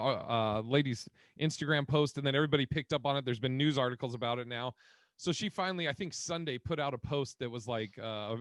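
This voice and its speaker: A man co-hosting a casual podcast, telling gossip with lots of profanity and quick impressions of people. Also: medium pitch, no echo. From Boston area. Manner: profane, animated storyteller who mimics others. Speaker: podcast co-host. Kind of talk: casual chat.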